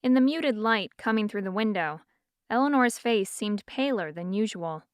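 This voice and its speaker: A woman narrates a novel in steady, even storytelling. Her voice is smooth and clear at an ordinary pitch. The studio recording is completely dry. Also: normal speed, dry recording. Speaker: audiobook narrator. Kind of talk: scripted narration.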